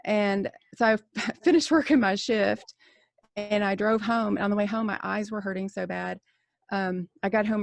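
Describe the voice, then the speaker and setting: Woman, forties, nurse podcast co-host, gravelly voice, dry close sound, candid rambling chat. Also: medium pitch, dry recording. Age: 40s. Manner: candid, rambling storyteller with many fillers and restarts. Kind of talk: casual roundtable chat.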